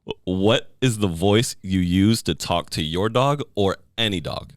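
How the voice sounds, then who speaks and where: A man's voice: deep voice, expressive, a little slow, no room sound, studio quality. A male podcast host chatting casually, joking and laughing a lot. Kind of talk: casual chat.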